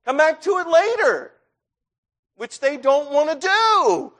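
A man's voice: extremely high pitch, sing-song, slow, fairly bright tone. A middle-aged man preaching a sermon in a church, talking in a conversational way that builds to intense stretches.

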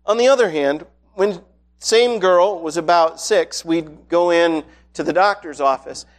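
A pastor giving a sermon to his congregation in a conversational, storytelling manner that builds in excitement. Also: a little high, a little slow. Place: church hall with congregation.

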